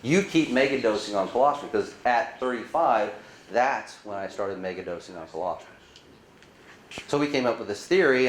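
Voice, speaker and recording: A man's voice: on the low side, reverberant, a little hiss or hum, rough recording. A man giving a conference talk to an audience, asking them rhetorical questions and acting out dialogue while he tells stories. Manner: animated storyteller acting out dialogue. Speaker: conference speaker. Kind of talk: conference presentation to a live audience. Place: conference room.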